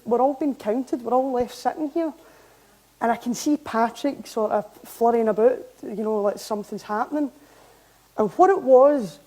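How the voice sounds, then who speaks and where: Young scottish woman telling a story to an audience, warm and highish. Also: poor audio. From Scotland. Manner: lively anecdotal, animated when amused. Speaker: member of parliament giving a talk. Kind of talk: public talk, storytelling. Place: hall, talk to an audience.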